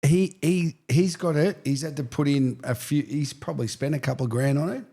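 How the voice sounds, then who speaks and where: A middle-aged man with an Australian accent, co-hosting a casual real estate chat and telling anecdotes with lively energy. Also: fairly high pitch, a little fast. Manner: storytelling, animated, says "mate". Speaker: real estate agent, podcast co-host.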